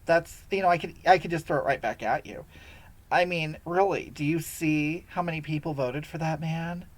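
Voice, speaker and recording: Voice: medium pitch, moderate pace, natural voice. A performer voicing a sanctimonious, self-righteous woman who hosts a livestream and lectures her viewers, sighing heavily between scoldings. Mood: indignant. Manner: preachy, lecturing, scolding, with heavy sighs. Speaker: livestream host answering viewer comments. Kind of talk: satirical character livestream.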